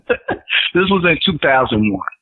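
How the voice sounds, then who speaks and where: A man and guest rapper telling stories in casual chat, animated and acting out quotes in raised voices. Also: fairly high pitch, takes it slowly, slightly rough. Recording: tinny phone line.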